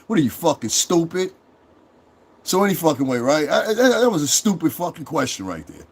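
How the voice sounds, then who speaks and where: A man's voice: a little high, sing-song, a little fast, breathy edge. A man delivering a profane, angry, repetitive livestream rant, talking straight to his chat. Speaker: online streamer.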